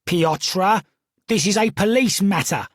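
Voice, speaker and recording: A man's voice: sits high, takes it slowly, no echo, clean studio sound, pitched above the performer's own voice. A man putting on a growling Cockney woman, fierce and threatening. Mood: alarmed. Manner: growling, sharp and menacing. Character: fierce Cockney pawnbroker's wife, middle-aged, threatening.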